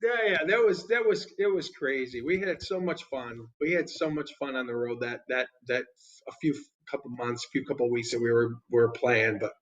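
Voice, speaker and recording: A man, a guest musician, telling stories in casual chat, animated and laughing often, with many restarts. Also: mid-range voice, moderate pace, dull audio. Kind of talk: casual storytelling. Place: podcast studio.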